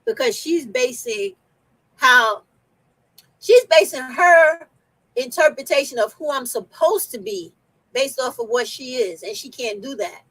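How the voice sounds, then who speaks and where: A woman's voice: high voice, expressive, measured pace, a bit bright, slightly rough, no room sound, poor audio. A woman with a New York accent hosting a casual chat, blunt and outspoken, swearing freely. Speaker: host.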